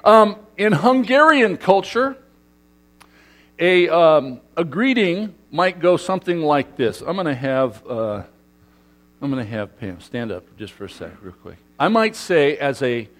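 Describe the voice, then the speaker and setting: In an unhurried, sing-song voice on the high side, a middle-aged man from Southern California gives a lively talk to a congregation. He plays with the audience, posing questions and joking with them.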